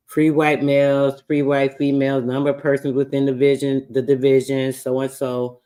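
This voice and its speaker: A man hosts a casual livestream in an everyday, mid-pitched voice. He talks loosely and swears freely, reading out old records. His manner stays relaxed but openly frustrated. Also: normal speed, hardly any pauses. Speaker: livestream host.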